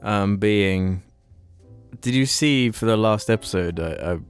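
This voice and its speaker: A man's voice: lowish voice, measured pace, clear, resonant tone, faint music behind. A man with a cold, co-hosting a casual comedy podcast and laughing often between lines. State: has a cold. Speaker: podcast co-host.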